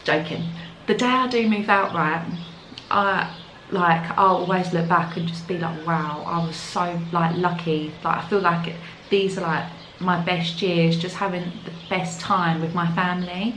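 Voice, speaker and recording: Brief: young woman, London accent, lower voice, casual vlog chatter, echoey sound. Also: little pitch movement, measured pace, fairly bright tone, slight background noise. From London, England. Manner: chatty, full of "like" fillers. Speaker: vlogger. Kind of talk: casual chat to camera. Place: outdoors in the evening.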